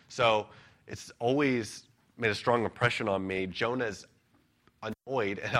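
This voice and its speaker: Guy giving a sermon, bright forceful voice, earnest and measured. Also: fairly low pitch. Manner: earnest, measured expository preaching with frequent "uh". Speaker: pastor.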